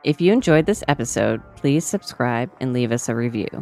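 A woman's voice: rumbling low, expressive, brisk, over music. A woman podcast co-host, supportive and affirming, reading the show's outro. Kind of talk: casual podcast chat and outro.

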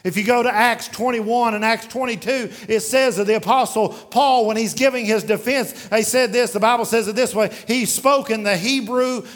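A man preaching a sermon verse by verse, asking and answering his own questions and slowing down to read scripture aloud. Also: sits high, fairly even intonation. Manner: varies pace widely, slowing down when reading scripture aloud. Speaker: pastor.

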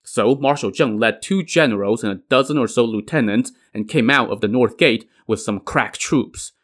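A man's voice: medium pitch, normal speed. A man narrating a classic adventure tale in a conversational storytelling style, with casual asides to the listener. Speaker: storyteller, podcast host.

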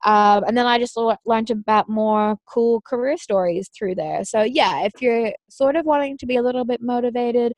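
A woman's voice: a little high, moderate pace, hardly any pauses, darkish tone, dry recording. Enthusiastic young woman, lots of fillers. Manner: enthusiastic, filler-heavy recommending. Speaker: podcast co-host. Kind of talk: casual podcast chat.

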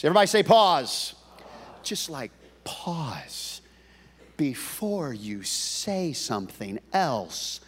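A man's voice: medium pitch, very animated, takes it slowly. A man preaching a sermon as pastor, folksy and joking, often stumbling and restarting his words. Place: church sanctuary. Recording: long reverb of a church hall.

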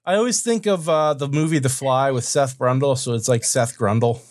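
A man's voice: mid-range voice, moderate pace. A man co-hosting a podcast in casual comedic chat, chuckling and restarting his sentences. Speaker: podcast co-host.

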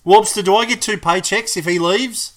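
Jokey host, excitable, pitched a bit high. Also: male voice, moderate pace. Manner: excitable, jokey, laughs a lot. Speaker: podcast host. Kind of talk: comedy podcast chat.

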